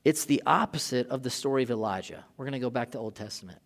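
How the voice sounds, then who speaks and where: A man preaching a sermon as pastor, shifting between casual asides and loud, emphatic scripture reading. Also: medium pitch, fast talker, creaky. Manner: animated, rising to loud emphatic peaks when reading scripture; casual asides with filler and restarts. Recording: long hall reverb.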